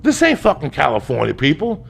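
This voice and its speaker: A man from the New Jersey and New York area telling a comedic story as a podcast guest, loud and profane, swinging from shouts to low mutters. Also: huge pitch swings, brisk, creaky, slight background noise.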